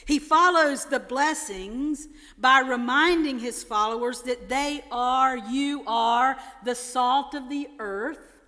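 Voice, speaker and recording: Woman, pastor, sermon, slightly high voice, bright tone, emphatic quotes. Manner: measured preaching with rising emphasis on quotes. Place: large church sanctuary. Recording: long church reverb.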